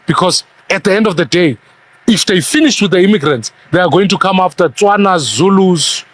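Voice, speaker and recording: A man's voice: high voice, animated, moderate pace. A man from South Africa arguing his view emphatically in a television panel discussion. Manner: emphatic, argumentative.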